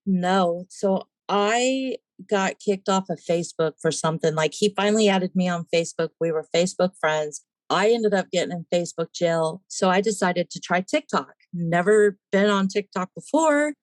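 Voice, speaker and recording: A woman's voice: lowish voice, normal speed, hardly any pauses, no echo. A woman, a podcast guest, telling her personal story in a casual interview and animatedly acting out the voices in it.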